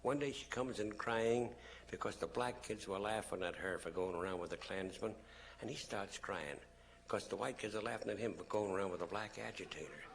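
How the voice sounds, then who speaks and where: A man lecturing to an audience in a low, gravelly voice full of fry. He tells stories with animation, acting out the people he quotes. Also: a little fast, a little hiss or hum. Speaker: public speaker. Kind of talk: storytelling public lecture.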